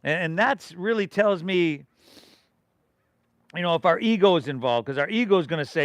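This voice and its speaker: A man's voice: high voice, animated, normal speed, long pauses, no room sound. A middle-aged man from leading a live yoga class, giving rhythmic breath and pose cues with casual, encouraging asides. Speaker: yoga instructor.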